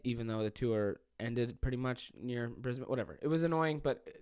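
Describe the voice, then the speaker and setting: A man's voice: mid-range voice, no room sound, studio quality. Rambling, profane young man hosting a podcast. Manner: rambling, profane, self-deprecating. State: jet-lagged. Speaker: podcast host and stand-up comedian. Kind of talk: casual solo podcast monologue. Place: small room.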